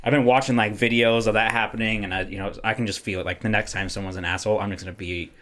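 A man with a lowish voice talks quickly on a podcast. He rants with plenty of swearing in an easy, casual way. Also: fairly even intonation, a bit bright. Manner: fast, profane ranting. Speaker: podcast co-host. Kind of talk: casual chat.

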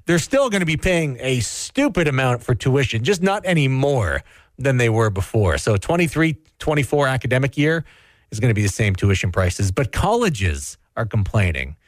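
Man, radio host, deadpan wisecracks, lively pitch, dry close mic. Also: moderate pace, no echo. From Canada. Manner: dry, self-deprecating wisecracks. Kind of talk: casual morning radio banter. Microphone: studio microphone.

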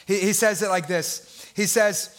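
A man's voice: high voice, steady tone, a little slow, fairly bright tone. A male pastor preaching a sermon with passion, building his points through repeated phrases.

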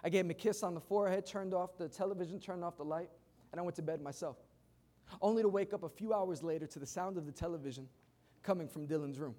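A man's voice: high-pitched, fast talker, dark tone. A man in his thirties, a pastor preaching a sermon to a church congregation, emphatic and mixing in humorous stories. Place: church service before a congregation.

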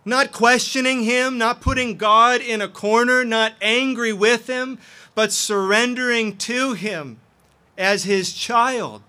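A man's voice: very high voice, slow, pushed and bright, clean tone. A man preaching a sermon as pastor, earnest and impassioned.

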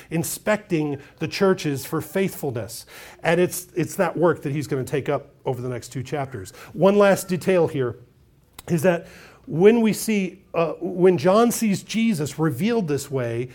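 A man preaching a sermon on scripture, building from steady teaching to loud emphatic peaks, repeating words as he restarts. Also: a little high.

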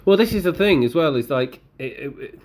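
On the high side and a little mellow, this co-host's voice is expressive and fairly quick. His casual podcast chatter rambles, with frequent fillers and restarts.

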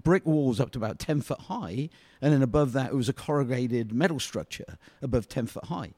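A man's voice: mid-range voice, lively intonation, a little mellow, dry recording. A middle-aged man telling long anecdotes as an interview guest, padding his talk with "you know" at every turn. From Britain. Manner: rambling, fills every pause with "you know". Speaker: guest, former soccer player. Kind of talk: storytelling interview.

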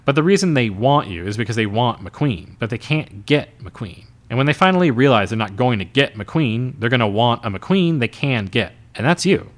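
A man voicing a blunt, brash older Hollywood agent who talks fast and emphatically in a raised voice. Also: mid-range voice, expressive, close to an everyday voice.

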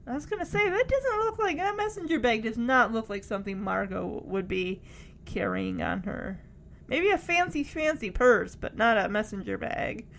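A woman casually recapping a TV episode in a chatty, animated way, acting out the characters' lines as she goes. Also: fairly high pitch, moderate pace, a little hiss or hum. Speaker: show recap vlogger.

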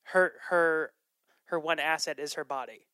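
A podcast host chatting casually about films, loose and digressive with frequent laughs and ums. The voice is bright and smooth, recorded dry and close with no room sound. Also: mid-range voice, unhurried, dry recording. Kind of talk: casual movie chat.

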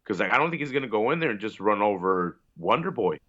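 Male podcast host, low-ish voice with a tense bright edge, dull lo-fi sound, swears a lot. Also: sing-song, quick pace. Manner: opinionated, profane ranting. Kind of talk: casual chat.

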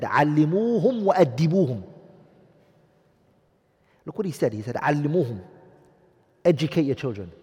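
A man's voice: a little high, darkish tone, slightly rough. A man teaching a religious class, lecturing and often asking his audience questions, with Arabic phrases mixed in. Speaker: Islamic studies teacher. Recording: reverberant hall recording.

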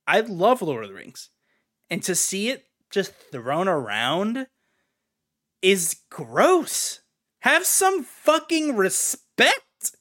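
A man's voice: on the high side, a bit bright. A man co-hosting a casual gaming podcast, ranting in an exasperated way and swearing now and then. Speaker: podcast co-host.

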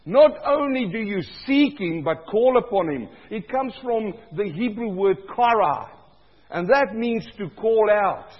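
A male pastor preaching a sermon, swinging between loud cries and low, quiet stretches, with a husky voice. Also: expressive, a little slow, long reverb tail, lo-fi sound.

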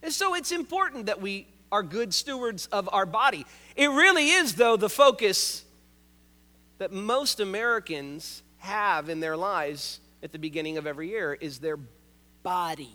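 High, bright-voiced pastor in an echoing hall. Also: male voice, lively intonation, normal speed. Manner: conversational and joking, with emphatic repeated phrases. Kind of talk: sermon. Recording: long reverb of a large hall.

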